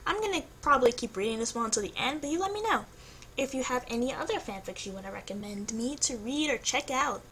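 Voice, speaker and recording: A young woman reading her own fanfiction aloud, with playful, lively asides to her viewers. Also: fairly high pitch, quick pace, a little hiss or hum. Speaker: YouTuber.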